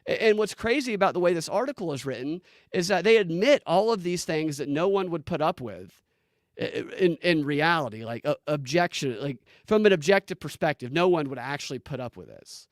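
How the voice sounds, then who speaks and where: A man hosting a commentary show, talking in an animated, incredulous way with many restarts as he reads posts aloud. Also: on the high side, a little fast, no echo, studio quality. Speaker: political commentary show host. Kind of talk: casual on-screen commentary.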